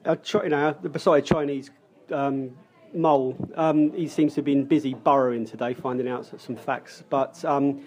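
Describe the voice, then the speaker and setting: A man hosting a casual football fan podcast, talking haltingly with many restarts. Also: mid-range voice, steady tone, darkish tone. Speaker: podcast host. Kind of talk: casual pub podcast chat.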